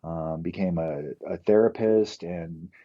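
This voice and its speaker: A man's voice: sits low, takes it slowly, highs cut off. A middle-aged man telling candid, profane stories from his past in a casual interview. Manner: candid, profane, rambling storyteller. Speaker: podcast guest.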